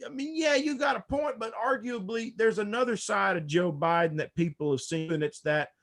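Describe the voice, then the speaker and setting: A man with a slightly raised pitch talks through politics in a relaxed podcast chat. He pushes his points hard and often stutters a word over and over before the sentence comes out. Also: normal speed. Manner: emphatic, often repeats a word several times before going on. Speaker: political commentator. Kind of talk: casual podcast discussion.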